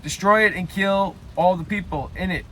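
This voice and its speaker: A young man reading a story aloud haltingly, breaking off for loud self-mocking side comments. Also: sits high, a little hiss or hum. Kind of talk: casual read-aloud with joking asides.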